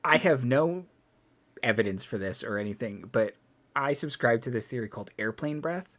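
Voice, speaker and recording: A man's voice: medium pitch, animated, moderate pace, a crowd in the background. A man joking and rambling through off-topic theories in casual chat with his fellow players during a tabletop game session.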